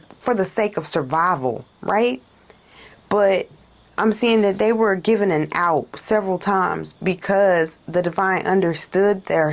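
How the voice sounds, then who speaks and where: A woman giving a casual spiritual card reading to a viewer, chatty and animated, laughing often and breaking into dramatic asides. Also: on the low side, vocal fry. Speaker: intuitive card reader.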